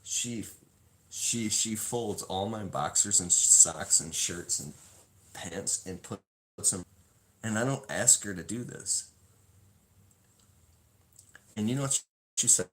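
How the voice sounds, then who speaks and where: Talking casually to camera, a man reads from a self-help book before wandering into a rambling story where he mocks himself and swears a lot. His voice is fairly low and fairly bright with lively intonation, slow with long pauses, and the recording is rough.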